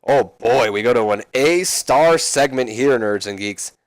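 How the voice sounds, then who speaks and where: A man's voice: medium pitch, lively intonation, a little slow, dry recording. A man casually talking through a wrestling management game, chatty with self-mocking asides. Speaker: let's play host.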